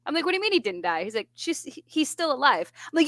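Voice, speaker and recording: A woman chatting on a radio show as a veterans benefits advocate, telling an animated story and swearing freely. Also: high voice, fast talker, dry recording. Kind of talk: casual radio chat.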